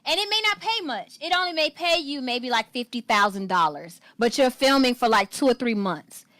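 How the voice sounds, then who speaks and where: A woman's voice: high voice, expressive, normal speed, a bit bright, no echo, clean studio sound. A woman co-hosting a casual chat show, sassy and playful, laughing often. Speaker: podcast co-host.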